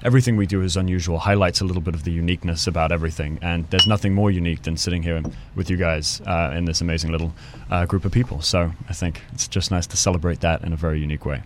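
A man's voice: sits low, steady tone, racing, few pauses, a little hiss or hum. A man on a podcast talking enthusiastically about a cocktail and his brand. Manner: enthusiastic, promotional. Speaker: brand ambassador guest. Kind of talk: casual chat.

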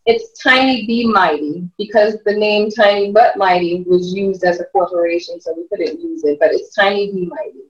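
A woman, a mother and life coach, telling stories in an interview, animated and often laughing as she acts out what others said. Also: mid-range voice, moderate pace, hardly any pauses. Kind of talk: storytelling interview chat. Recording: roomy, distant, dull lo-fi sound.

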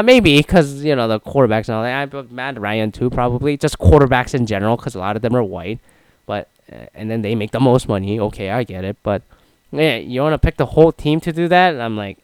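A man in his twenties talks through an opinionated casual monologue, wandering from point to point with many fillers. His voice is smooth and clear, and the sound is dry with no room echo. He sits at a middling pitch for a man. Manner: rambling, filler-heavy, opinionated. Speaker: sports commentator.

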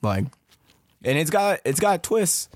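A young man co-hosting a podcast in casual chat, animated and slangy, swearing freely. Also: on the high side, takes it slowly, no echo, clean studio sound. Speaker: podcast co-host.

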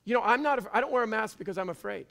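Canadian pastor guy preaching, gravelly high voice, loud and fiery. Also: animated, racing. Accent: Canadian English. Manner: fiery, often shouting preacher. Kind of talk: sermon. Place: church before a congregation.

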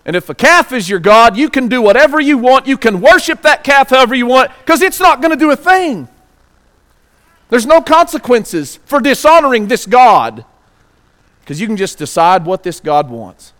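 High-voiced preaching man. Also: expressive, fairly bright tone. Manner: preaching with rhetorical questions; reads scripture aloud slowly. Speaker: pastor. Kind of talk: sermon.

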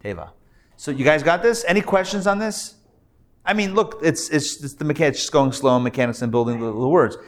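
A man, a rabbi, teaching a live Hebrew reading class, sounding out syllables slowly and patiently checking that his students follow. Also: on the high side. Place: classroom before a live audience.

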